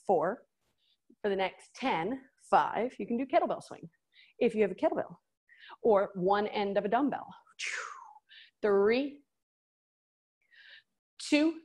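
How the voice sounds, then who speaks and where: A woman in her thirties leading a workout class, counting reps and cheering people on. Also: fairly high pitch. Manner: counts reps slowly with upbeat encouragement. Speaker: fitness instructor.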